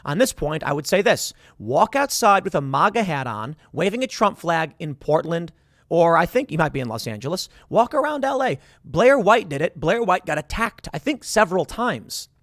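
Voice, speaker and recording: A male host delivering political commentary, arguing and sarcastic. His voice rises and falls widely and sits a bit higher than most men's. The sound is dry and close. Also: no room sound. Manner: animated, argumentative and sarcastic.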